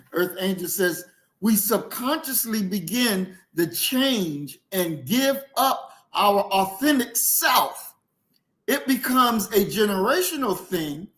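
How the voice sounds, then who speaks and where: Slow, preachy man giving fiery commentary. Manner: preachy, emphatic, swings from shouting to low murmurs. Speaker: commentator reacting to a clip. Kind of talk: impassioned commentary.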